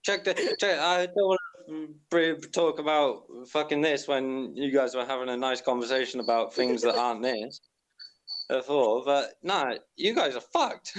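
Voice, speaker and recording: Guest on a call, blunt sweary ranting, faint background noise. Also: male voice, on the high side, very animated, measured pace. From Britain. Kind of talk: casual chat.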